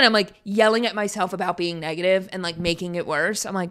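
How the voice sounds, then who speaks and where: Brief: young woman podcast host, middle-pitched, chatty and rambling, animated storyteller. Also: fairly quick. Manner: animated, jumps in pitch when excited. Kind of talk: casual chat.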